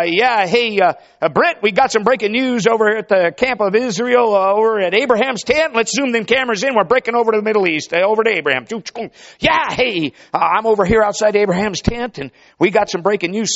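Preacher voicing a breathless male field reporter, fast and stammering, lo-fi sound. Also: high-pitched, animated, fairly bright tone, pitched above the performer's own voice. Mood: hyped. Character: excited male TV street reporter breaking news.

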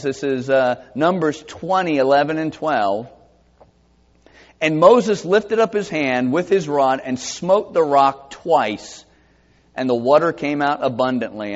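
A man's voice: medium pitch, highs cut off. A man preaching a sermon, teaching verse by verse, reading scripture aloud and asking rhetorical questions. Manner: expository Bible teaching, reading scripture aloud in King James wording; asks rhetorical questions, lively and animated.

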